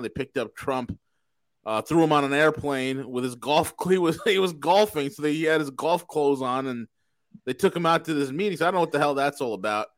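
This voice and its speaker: A man's voice: mid-range voice, fairly bright tone, dry recording. A man hosting a casual political talk show, talking in a boisterous, profane, rambling way. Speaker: podcast host.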